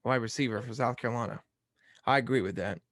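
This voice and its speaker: A man's voice: mid-range voice, fast, noisy background. A young man hosting a casual sports podcast, talking in an easygoing, rambling way. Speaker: podcast host.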